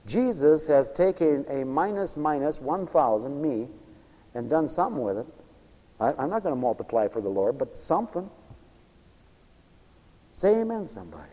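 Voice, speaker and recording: A man preaching a sermon, swinging from loud high exclamations to low murmurs. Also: animated, normal speed, big-room sound, poor audio.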